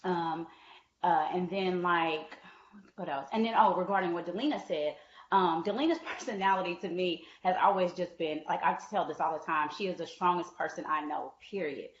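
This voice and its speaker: A woman's voice: on the low side, moderate pace, echoey room, dull audio. A woman sharing her story openly in a live stream talk, as a co-author on a panel. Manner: open, talks freely about her own life. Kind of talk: candid conversational storytelling.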